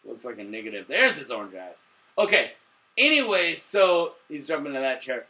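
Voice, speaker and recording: A young man hosting a casual TV review, a little drunk, excitable and swearing, bursting into shouts. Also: medium pitch, moderate pace. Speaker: show host reviewing TV.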